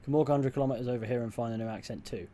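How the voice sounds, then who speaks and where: Young british guy streaming, chatting w viewers, swears a lot, dry jokes, mellow low-key tone. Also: steady tone, very fast. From United Kingdom. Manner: blunt and sweary, with dry asides. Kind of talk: casual livestream chat, answering viewers.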